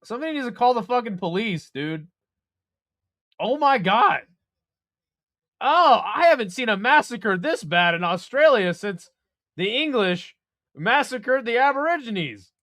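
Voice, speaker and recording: A man hosting a live fight commentary stream from home, excitable and profane, laughing often. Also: very high voice, unhurried, pauses often, no room sound, studio quality. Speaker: host.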